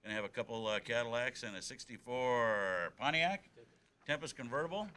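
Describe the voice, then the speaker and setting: A man's voice: mid-range voice, lively intonation, fairly quick, bright, forceful tone, a little hiss or hum. A man hosting a radio show, chatting casually with a guest and reading local event listings. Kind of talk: casual radio chat and announcements.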